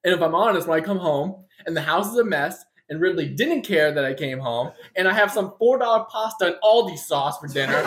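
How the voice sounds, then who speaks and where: Young pastor preaching, higher-pitched voice. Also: male voice, lively intonation, moderate pace, slight background noise. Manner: conversational, self-deprecating humor. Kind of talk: sermon.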